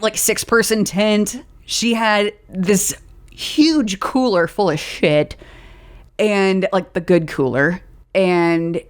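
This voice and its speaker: A woman in her thirties hosting a podcast, telling festival stories in casual, profane, animated chat with frequent laughs. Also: mid-range voice. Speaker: podcast host. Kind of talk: casual storytelling.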